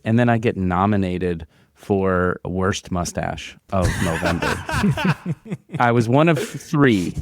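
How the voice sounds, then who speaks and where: Man, podcast co-host, very deep, gravelly, joking, dry sound. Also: dry recording. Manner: joking, animated storytelling. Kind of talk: casual chat.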